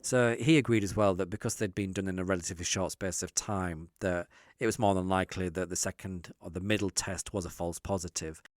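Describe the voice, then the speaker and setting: A man telling a story as an interview guest, lively and acting out the dialogue he quotes. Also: low voice, brisk, hardly any pauses, no echo, studio quality. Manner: animated, acts out quoted dialogue.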